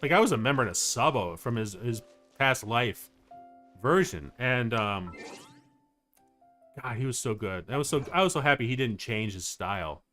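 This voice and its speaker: A man chatting casually on a game livestream, rambling and excitable, with many fillers. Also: medium pitch, moderate pace, faint music behind. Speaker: VTuber streamer. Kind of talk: casual livestream chat while gaming.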